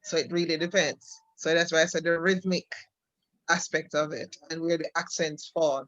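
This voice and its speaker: A woman's voice: sits low, fairly even intonation, moderate pace, no room sound, highs cut off. A Jamaican woman co-hosting a casual chat, explaining things patiently with examples and often repeating her words. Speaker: co-host.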